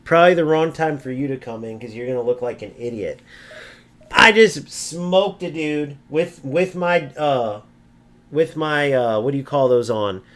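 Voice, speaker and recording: A man's voice: mid-range voice, a little slow, fairly bright tone. A man streaming a football video game, ranting and mocking opponents while he swears freely. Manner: brash, mocking, insults opponents and swears often. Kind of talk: gameplay commentary rant.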